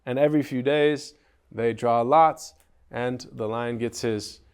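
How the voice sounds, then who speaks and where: A man teaching at a spiritual retreat, relaxed and conversational, often checking in with his listeners. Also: mid-range voice, a little slow, clear, resonant tone. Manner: relaxed, conversational, asks the group questions. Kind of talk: storytelling lesson on a classic poem.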